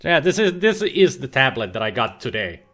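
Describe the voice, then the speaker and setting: A man's voice: medium pitch, big pitch swings, normal speed, a bit bright. A man casually chatting and rambling on a livestream while playing an adventure game, using a webcam and laptop setup. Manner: chatty, rambling, with frequent fillers and restarts. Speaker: game streamer.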